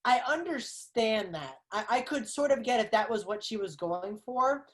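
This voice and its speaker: Podcast guest, woman, bit high voice, animated and analytical. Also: normal speed. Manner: animated, analytical, acts out reactions. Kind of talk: casual movie review chat.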